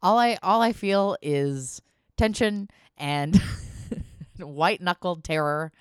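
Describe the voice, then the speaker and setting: A woman's voice: fairly low pitch, slow pace, clear, resonant tone, dry recording, clean studio sound. A woman hosting a podcast, talking candidly in a casual monologue, with frequent ums and restarts and some swearing. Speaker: podcast host.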